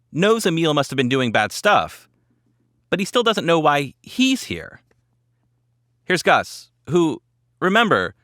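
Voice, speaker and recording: A man narrating a documentary podcast in a measured way, with dramatic pauses. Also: medium pitch, sharp tone, no echo, studio quality. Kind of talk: scripted narration.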